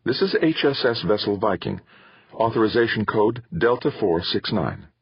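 A man voicing a confident woman spaceship officer who talks smoothly and self-assuredly. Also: lowish voice, very animated, moderate pace, dry recording, muffled recording, voice pushed up, heavily acted.

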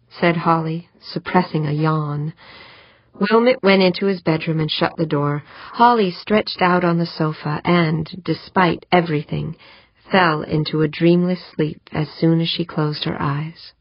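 Female narrator, low voice, even storytelling, dry dull lo-fi sound. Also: measured pace, no room sound. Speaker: audiobook narrator. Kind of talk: scripted narration.

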